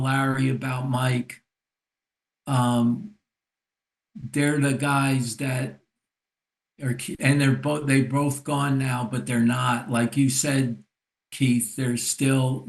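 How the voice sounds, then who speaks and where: An older man, a therapist and recovery mentor, telling a story in a relaxed podcast conversation. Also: medium pitch. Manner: unhurried, reflective storyteller. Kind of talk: casual storytelling in a podcast discussion.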